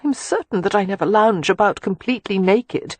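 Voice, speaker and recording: Brief: a man doing a shy, embarrassed young lady in an audiobook romance; breathy and raised. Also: high-pitched, brisk, no echo, voice pushed up. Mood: shaken. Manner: timid, hesitant, flustered. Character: flustered young woman companion, timid and embarrassed. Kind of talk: audiobook dialogue.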